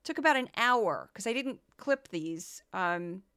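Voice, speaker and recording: A bright, crisp-voiced woman hosting a commentary podcast. She talks animatedly, now and then slipping into goofy put-on voices. The sound is dry and close. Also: mid-range voice, lively intonation, a little slow, no echo. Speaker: podcast host.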